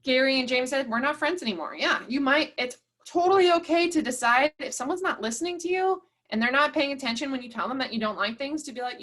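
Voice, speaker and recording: A woman's voice: sits high, quick pace, few pauses, a bit bright. A woman running an online workshop, reading out participants' chat replies and cheering them on, saying "y'all" often. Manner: upbeat, encouraging, says "y'all" often. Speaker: workshop facilitator.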